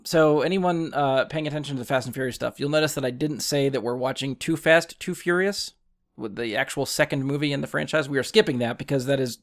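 Chatty male podcast host. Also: medium pitch. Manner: chatty, jokey, loose with fillers. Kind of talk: casual podcast chat. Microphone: remote call.

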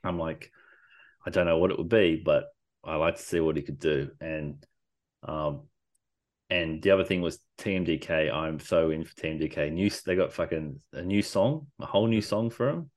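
Podcast host, man, very low voice, rambling casual delivery. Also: normal speed. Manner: rambling, full of fillers and swearing. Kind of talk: casual chat.

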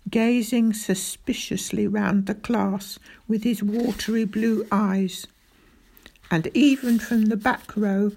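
A woman reading a children's story aloud in a measured, unhurried voice, as the boy who tells it. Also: medium pitch, vocal fry, warm tone, husky. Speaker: audiobook narrator. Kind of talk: scripted storybook narration as a boy.

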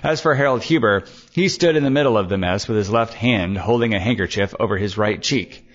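Low male audiobook narrator, measured delivery, lo-fi dull sound. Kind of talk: scripted narration. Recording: dull lo-fi recording.

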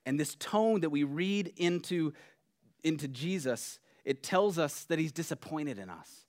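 A man preaching a sermon in an earnest, conversational way, dropping soft and then growing emphatic. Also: fairly high pitch, lively intonation, measured pace. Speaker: pastor.

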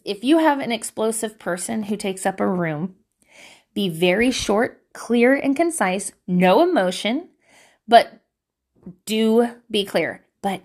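This high-voiced woman, in her thirties, is a vlogger sharing life advice in a relaxed chat to camera from home. She gets animated, curses, and imitates voices while telling her stories.

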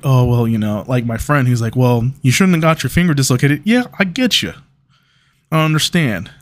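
A man in his mid-thirties hosting a solo podcast, telling stories in a rambling, joking way with frequent restarts and cursing. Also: fairly high pitch. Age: 30s. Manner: rambling, laughing storyteller with restarts and profanity. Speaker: podcast host. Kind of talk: casual solo monologue.

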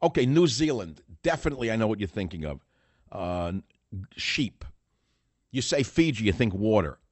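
A man's voice: on the low side, sing-song, moderate pace, darkish tone, dry recording. A man hosting a political talk radio show, rambling and sarcastic, riffing through rhetorical questions.

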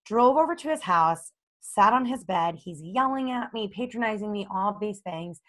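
A young adult woman, a relationship coach, candidly telling a personal story in a podcast interview and acting out the dialogue in it. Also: moderate pace. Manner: animated, acts out quoted dialogue with rising pitch.

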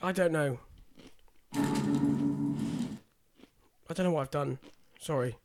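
A man's voice: a little high, slow pace, background noise. A young man chatting casually while playing a game, joking and exasperated. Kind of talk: casual chat.

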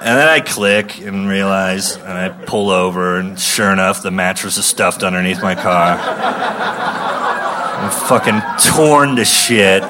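A man in his thirties telling a profane stand-up comedy story in a rambling way, with sudden shouted outbursts. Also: low-pitched, steady tone, moderate pace, few pauses, heavy background noise. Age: 30s.

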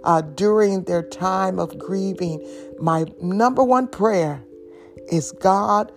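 A middle-aged woman sharing an emotional personal testimony, halting at times with soft laughs. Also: fairly low pitch. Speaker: speaker giving testimony. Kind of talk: slow, heartfelt personal testimony. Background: faint instrumental music.

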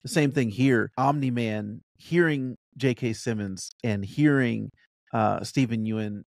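Excited man chatting about comics. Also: medium pitch, measured pace, creaky, no room sound, clean studio sound. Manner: enthusiastic, thinks aloud with restarts. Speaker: podcast co-host reviewing a show. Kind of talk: casual review chat.

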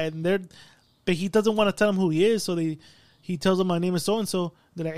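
A man co-hosting a podcast, recapping a movie in a profane, animated storytelling style. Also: sits high, a little fast, dry recording. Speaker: podcast co-host. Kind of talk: casual chat, movie recap.

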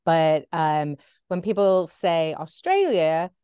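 Low smooth-voiced Englishwoman. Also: big pitch swings, takes it slowly, dark tone, no echo, lo-fi sound. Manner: laughs often, self-effacing. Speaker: podcast guest, photographer. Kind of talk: casual interview chat.

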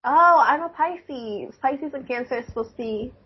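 A woman's voice: high-pitched, animated, normal speed, husky. A young woman chatting casually, laughing often and filling her talk with "like". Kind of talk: casual chat. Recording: dull lo-fi recording.

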